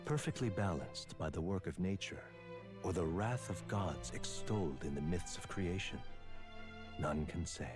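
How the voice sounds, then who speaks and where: An actor voicing a video game narrator, giving scripted narration in a measured, solemn delivery. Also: male voice, sits low, expressive. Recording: loud music under the voice.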